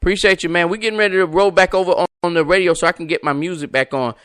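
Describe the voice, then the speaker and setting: Male host, preacher cadence, bright and forceful, dry close mic. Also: sits high, steady tone, very fast, smooth, dry recording. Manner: emphatic, repetitive, preacher-like cadence; talks to viewers and callers by name. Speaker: podcast host. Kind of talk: live-stream preaching talk.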